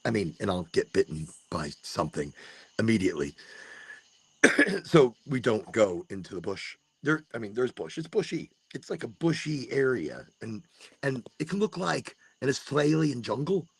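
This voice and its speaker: Gravelly man rambling outdoors at night. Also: mid-range voice, big pitch swings, normal speed, no room sound. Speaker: podcast host. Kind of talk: casual late-night monologue. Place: outdoors on rural land at night. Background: crickets and insects.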